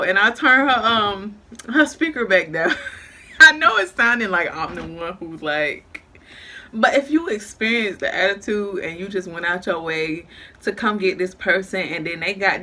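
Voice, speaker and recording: A young woman recounts a story in a loose, chatty vlog voice. Her tone is bright and sits a little high, and her pitch swings widely as she laughs her way through it. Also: moderate pace. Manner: animated, laughing through the telling, dialect-heavy. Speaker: vlogger. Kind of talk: casual storytime.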